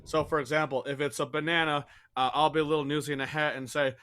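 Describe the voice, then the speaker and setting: Man, improv game leader on a video call, rambling asides, bright tone. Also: fairly high pitch, level tone, fast talker. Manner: rambling, self-deprecating asides.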